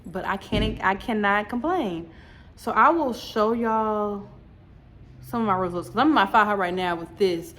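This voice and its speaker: A woman telling her story in a chatty, animated home vlog, talking straight to her viewers. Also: medium pitch, normal speed. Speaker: vlogger. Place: home, indoors.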